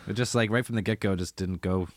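A man co-hosting a podcast in casual chat, with relaxed, wry remarks. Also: deep voice, quick pace, no room sound. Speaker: podcast co-host.

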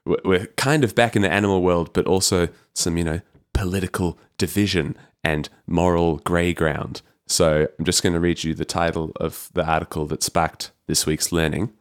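A man with a very low voice co-hosts a podcast in casual chat. He teases his co-host playfully and laughs often as he talks. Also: steady tone, moderate pace, few pauses.

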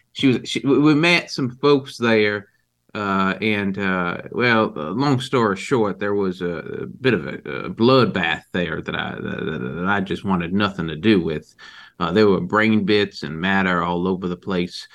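A cagey rural witness with a very low, deep voice stumbles through his account, as a man plays him in a tabletop game. He hedges with fillers and folksy turns of phrase, slow to get to the point. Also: fairly bright tone, heavily acted. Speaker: player character being questioned. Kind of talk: improvised tabletop role-play.

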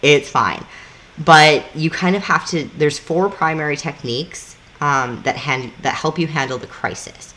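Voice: mid-range voice, unhurried, sharp tone. A podcast co-host, explaining things in loose, casual chat that swears freely and acts out little scenes.

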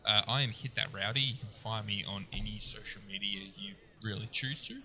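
A man's voice: fairly low pitch, a little fast, sharp tone, slight background noise. A man hosting a casual podcast, laughing often and swearing casually in loose banter. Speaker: podcast host.

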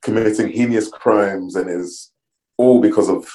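A middle-aged man, a guest on a podcast, telling his story in a measured, reflective way with frequent pauses. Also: on the low side, dark tone, rough recording. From London, England. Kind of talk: casual interview conversation.

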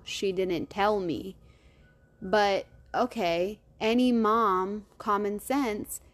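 Animated woman telling a true crime story. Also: medium pitch. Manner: animated, profane, retells quotes in character. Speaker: true crime podcast host.

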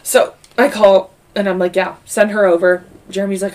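A woman in her thirties co-hosting a casual chat podcast. She tells stories in an animated, chatty way, laughs often and swears freely. Her voice sits at an ordinary middle pitch. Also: fairly quick. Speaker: podcast co-host.

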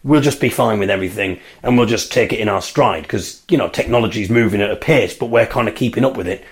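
A man's voice: medium pitch, vocal fry. A man in his early thirties hosting a solo podcast, telling amused, chatty anecdotes. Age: 30s. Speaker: podcast host. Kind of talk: solo casual monologue. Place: bathroom at home.

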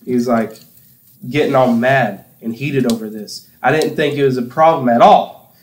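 A man's voice: medium pitch, normal speed, slight background noise. A young man from Campbell County, Tennessee, hosting a casual podcast, telling rambling anecdotes and laughing often. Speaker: podcast host. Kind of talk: casual chat, storytelling. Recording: echoey room.

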